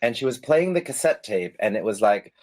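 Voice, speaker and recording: Speaking a little fast with a lowish voice, a middle-aged man who once performed on stage tells stories in a casual interview. He laughs, stays animated, and acts out the voices of those he quotes.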